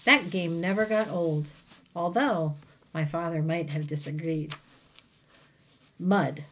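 A woman teacher reading a children's novel aloud to her class, with gentle, chatty asides between passages. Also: lowish voice, slow. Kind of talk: storybook read-aloud.

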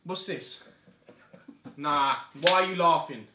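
A young man doing a taste challenge, squeamish and loud, swearing and saying "mate" a lot. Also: on the high side, slow pace. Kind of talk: casual blindfolded challenge banter. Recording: echoey room, faint noise.

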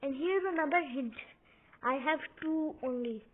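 Giggly, high-voiced young woman rambling slowly over tinny audio. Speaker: gaming video host. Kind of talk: casual gameplay commentary. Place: home, lying on a couch. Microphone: phone or computer mic, sometimes covered by her hand. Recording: tinny phone-like audio with faint hiss.

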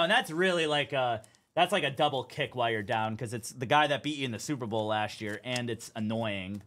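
A man's voice: mid-range voice, fairly bright tone. A young man hosting a live card break stream, chatting casually as he calls out cards and teams.

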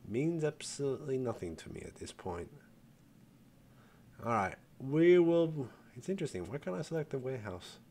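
A man's voice: medium pitch, very animated, normal speed, warm tone, a little hiss or hum. An older man hosting a gaming video, chatting casually and thinking aloud as he plays, swearing freely and calling his viewers folks. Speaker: gaming channel host. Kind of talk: casual gameplay commentary.

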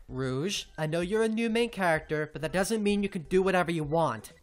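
A woman's voice: fairly low pitch, expressive, normal speed, natural voice. A woman voicing a young, exasperated, foul-mouthed male fox sidekick in an amateur cartoon. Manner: exasperated, sighing, swears a lot.

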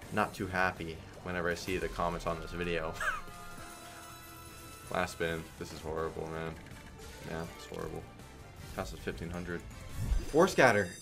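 A man streaming online slots, giving casual, profane play-by-play and thinking aloud in a frustrated way. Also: sits low.

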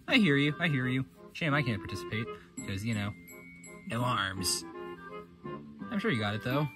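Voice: mid-range voice, big pitch swings, moderate pace, over music, pitched below the performer's own voice, close to an everyday voice. A performer voicing a sly, armless crocodile creature who coaxes and schemes, in an amateur plush-toy dub. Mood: coaxing. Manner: sly, coaxing.

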